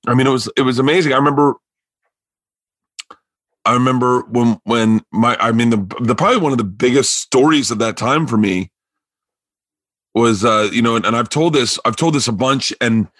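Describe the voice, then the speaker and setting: A husky-voiced man spins an animated story in casual chat, stumbling over his starts and slipping into the voices of the people he quotes. His voice sits at an ordinary pitch, recorded close on a dry podcast mic. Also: normal speed, pauses often, no echo. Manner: animated, stammering restarts, acts out quoted people. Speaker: comedian guest.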